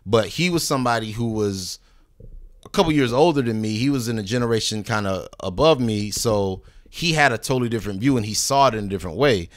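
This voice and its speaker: A man's voice: lowish voice, quick pace, dry recording, studio quality. A man casually telling a long story on a podcast, swearing freely, acting out the people he quotes and dropping "you know what I mean" asides. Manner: profane, laid-back, acts out quoted people. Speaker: recording artist guest.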